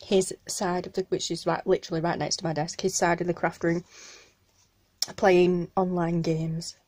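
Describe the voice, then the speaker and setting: A woman with a Northern English accent chatting excitedly as she unboxes craft mail in her home craft room, gushing over each item and apologizing for the noise. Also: lowish voice, moderate pace, dry recording. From Northern England. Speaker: craft channel host. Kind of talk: casual unboxing vlog. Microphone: camera on a tripod.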